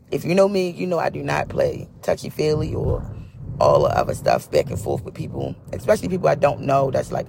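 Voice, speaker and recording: Gravelly-voiced woman telling a story. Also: low-pitched, noisy background. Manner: chatty, repeats phrases for emphasis. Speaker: vlogger. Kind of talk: casual storytelling.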